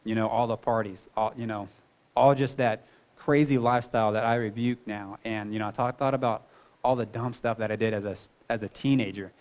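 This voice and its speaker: A man's voice: lowish voice, fairly even intonation, a little fast, darkish tone. A man in his thirties sharing a personal testimony, earnest and conversational, leaning on "you know" as he talks.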